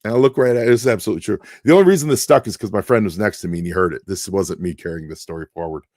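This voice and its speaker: A man's voice: low-pitched, very fast, darkish tone, dry recording, studio quality. A man co-hosting a casual podcast, telling a story with lots of energy and acting out the other people's voices. He sounds worn out and short of breath. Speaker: podcast co-host.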